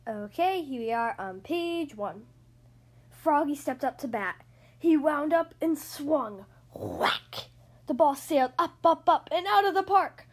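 A podcast host reads a children's picture book aloud, her voice expressive and sing-song in storyteller fashion. She speaks high and a little slowly.

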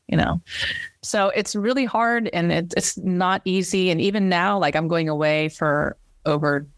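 Woman, interview guest, candid, animated, restarts often, dry recording. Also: fairly low pitch, moderate pace, no room sound. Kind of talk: casual interview chat.

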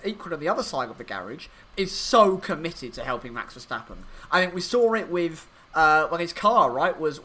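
A man co-hosting a podcast, talking through his racing analysis in a rambling, animated way with many fillers. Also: high-pitched. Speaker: podcast co-host. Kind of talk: casual motorsport podcast chat.

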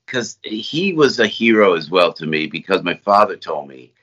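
A middle-aged man from New Jersey, a guest entertainer, telling rambling, animated anecdotes in conversation. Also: low voice, moderate pace. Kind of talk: conversational storytelling. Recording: slightly dull lo-fi sound.

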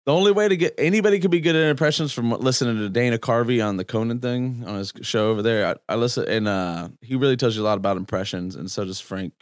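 A man co-hosting a casual podcast, talking in a halting, laid-back way with frequent restarts. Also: mid-range voice, no room sound, clean studio sound. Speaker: podcast co-host. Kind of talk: casual chat.

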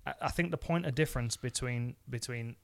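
An easygoing man co-hosting a podcast, agreeable and quick to laugh along. He speaks at a middle pitch for a man in relaxed, casual conversation. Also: vocal fry. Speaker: podcast co-host.

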